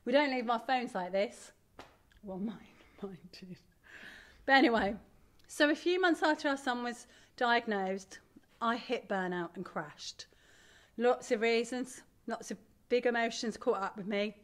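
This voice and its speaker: A middle-aged woman giving a candid, animated talk to an audience as a parent. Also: on the high side, moderate pace. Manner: animated, candid, self-deprecating. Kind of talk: live presentation to an audience.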